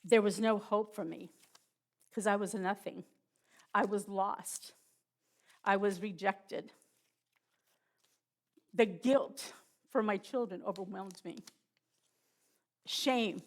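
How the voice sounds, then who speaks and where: A middle-aged woman shares a personal testimony at church in a voice with a gravelly edge. She talks haltingly, full of pauses, fillers and restarts, with a mid-range pitch and an emotional weight throughout. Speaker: church speaker giving testimony.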